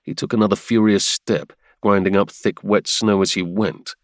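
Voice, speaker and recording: A man narrating a romance audiobook in a measured, dramatic way. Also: fairly low pitch, fairly even intonation, no echo, clean studio sound.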